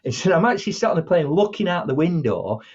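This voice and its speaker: A middle-aged motivational speaker tells stories conversationally in an interview, acting out the dialogue in different voices. His pitch is fairly high with big swings, and he talks fast in a darkish, husky tone. The recording has its highs cut off.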